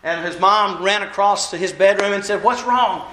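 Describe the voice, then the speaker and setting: A man's voice: high-pitched, fairly even intonation, normal speed, pushed and bright. A man giving a folksy, self-deprecating sermon as a minister, walking around as he talks. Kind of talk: conversational sermon. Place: church hall. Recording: echoey church hall.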